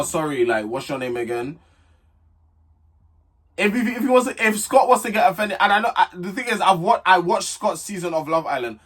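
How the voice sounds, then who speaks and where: A man's voice: fairly high pitch, fairly bright tone, breathy edge. A young man giving a blunt, chatty vlog recap of a reality TV show, talking straight to camera. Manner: chatty, blunt and direct, frequent restarts. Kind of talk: casual review chat to camera.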